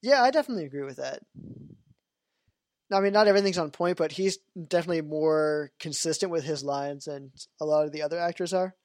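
A man's voice: on the high side, fast, dry recording. A man hosting a podcast, chatting casually and rambling with many fillers. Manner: rambling, full of "you know" and "like" fillers. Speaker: podcast host. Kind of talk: casual chat about a video game.

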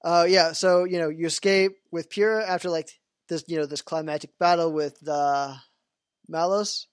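A man with a fairly high voice hosts a casual podcast, and he rambles loosely with lots of fillers. The sound is dry and close, with almost no room echo. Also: steady tone, normal speed, smooth. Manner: rambling, full of "you know" and "like" fillers. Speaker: podcast host. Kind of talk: casual chat about a video game.

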